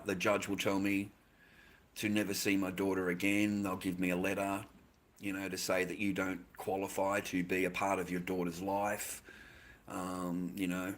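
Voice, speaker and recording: A man with a broad Australian accent talks to his livestream in a loose, rambling way, swearing freely and tagging his sentences with "mate". His voice sits fairly low but comes out bright and pushy. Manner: rambling, heavy swearing, tags lines with "mate". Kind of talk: casual livestream chat.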